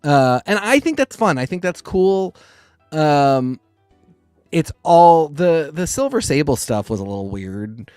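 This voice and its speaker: Animated man chatting about comics. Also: on the high side, smooth, dry recording, studio quality, soft background music. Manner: rambling, animated, quick asides. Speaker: podcast co-host. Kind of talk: casual comics discussion.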